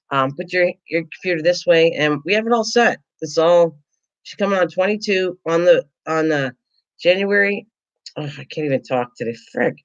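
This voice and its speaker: A woman's voice: low-pitched, lo-fi sound. A woman hosting a casual craft livestream, rambling and chatty, playfully teasing her viewers.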